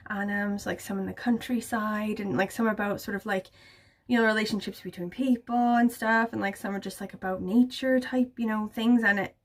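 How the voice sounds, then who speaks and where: A woman's voice: medium pitch, fairly even intonation, brisk. A young woman chatting casually to camera about books, gushing and full of filler words. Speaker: book vlogger.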